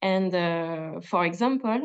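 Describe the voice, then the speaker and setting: A woman with a French accent giving a webinar presentation as a government official, measured, with frequent hesitations and restarts. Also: fairly low pitch, animated, clean tone, dull audio. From France.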